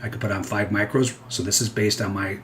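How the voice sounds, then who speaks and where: Casting: male pro trader, lowish voice, candid and digressive, thinking aloud over charts. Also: flat delivery, fairly quick, a bit bright, slight background noise. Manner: rambling, self-interrupting, candid. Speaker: futures trader. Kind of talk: live trading commentary.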